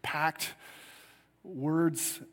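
A middle-aged man preaching a sermon in a conversational way, swinging from loud emphasis to quiet asides. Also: on the high side, fairly even intonation, drawn-out words, long reverb tail. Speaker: pastor.

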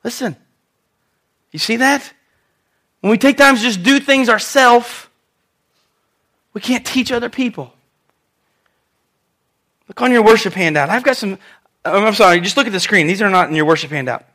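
A man preaching a sermon in church, talking in an animated, conversational way with asides to the congregation. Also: high voice, normal speed, long pauses. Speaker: pastor.

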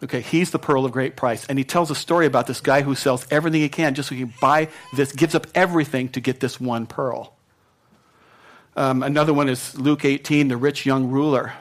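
A man's voice: mid-range voice, fairly even intonation, brisk. A man pastor preaching a sermon in a conversational way, repeating words and often checking in with the congregation.

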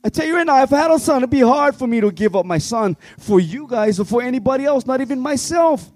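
A man leading worship, preaching with fervent, pleading passion that swings from shouts to hushed tones. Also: very high-pitched, animated, fast, no room sound. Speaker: worship leader. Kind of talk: impassioned youth revival sermon.

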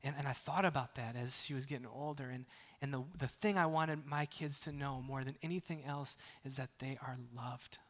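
A man pastor preaching a sermon in a conversational way, with frequent restarts and playful asides, moving between hushed, near-whispered lines and loud, emphatic bursts. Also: mid-range voice, steady tone, normal speed, few pauses. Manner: playful humor between earnest points.

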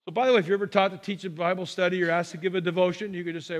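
High-voiced male pastor preaching. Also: fast talker. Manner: conversational preaching with rhetorical questions. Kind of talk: sermon. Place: church sanctuary.

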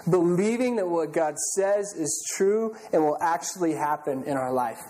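A man's voice: fairly high pitch, animated, moderate pace, mellow, low-quality recording. A middle-aged male pastor preaching a sermon, telling stories in an earnest, conversational way with frequent restarts.

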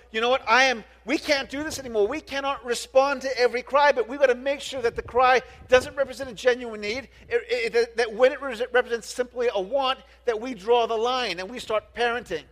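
A high-pitched, middle-aged man preaches a sermon with earnest conviction, now and then tripping over a word and starting it again. He keeps asking the congregation questions. His voice rings out with a long tail of reverb in a big hall. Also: a bit bright. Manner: earnest, often restarts words and asks the congregation questions. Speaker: pastor.

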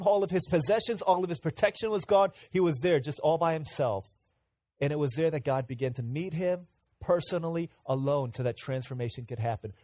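A man's voice: a little high, no echo. A man preaching a sermon as pastor, earnest and interactive, having the congregation repeat words back to him. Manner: earnest, swings from emphatic to quiet asides.

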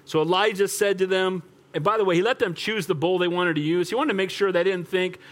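An older man preaching a sermon as pastor, animated and rhetorical, asking the congregation for amens. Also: sits high, brisk.

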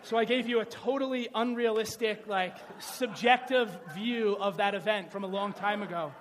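A pastor from the New York area preaching a sermon in a lively, joking, conversational way, often checking in with "right?". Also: male voice, high-pitched, moderate pace, a little hiss or hum. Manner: animated, conversational, joking, asks the audience "right?".

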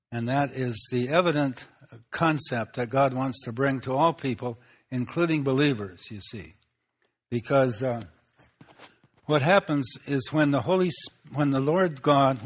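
A man preaching a sermon in a voice of ordinary middle pitch. He teaches at an unhurried pace, pausing often between phrases. He asks his listeners rhetorical questions as he goes.

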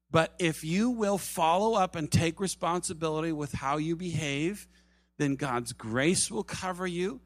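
Earnest preaching man, higher voice. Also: no echo. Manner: earnest, swings from loud urging to soft low asides. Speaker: pastor. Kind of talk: sermon.

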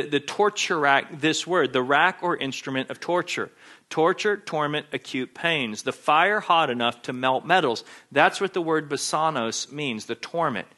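A man's voice: a little high, bright, forceful tone. A man preaching a sermon, emphatic and insistent, hammering home his points by repeating key phrases.

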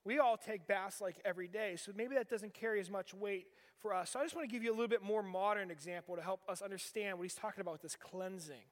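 A man's voice: high-pitched, fast, few pauses. A man in his forties from western Pennsylvania, preaching a sermon in a conversational way and asking the audience rhetorical questions. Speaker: pastor. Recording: long reverb of a large hall.

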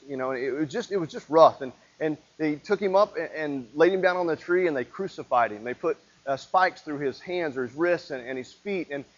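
A man's voice: on the high side, highs cut off. A male pastor preaching a sermon in a conversational way, often repeating and restarting his words.

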